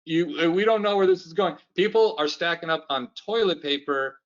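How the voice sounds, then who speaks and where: A man's voice: on the high side, normal speed, dull audio. A Canadian man with a Canadian accent, a comedian guest chatting playfully and rambling through jokes on a video call. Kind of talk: casual interview chat.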